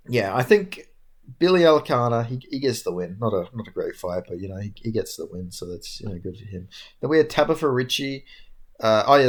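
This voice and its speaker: A young man talks alone through a fight card recap, sounding worn out from little sleep. He rambles loosely, swears casually and leans on fillers. His voice sits at an ordinary middle pitch. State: tired, yawning. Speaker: MMA commentator recapping fights. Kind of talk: casual solo recap talk.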